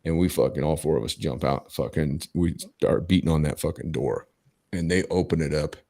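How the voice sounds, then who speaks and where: Gravelly deep-voiced man telling a profane story. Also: fairly even intonation, normal speed, dark tone. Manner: emphatic, swears heavily, many restarts. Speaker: podcast host.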